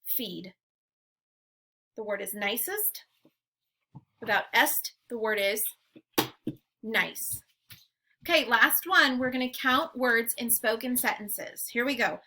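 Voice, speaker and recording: Woman, teacher, phonics drill, slow pace, higher pitch. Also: sharp tone, poor audio. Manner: slow, clearly enunciated, encouraging. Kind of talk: phonemic awareness drill.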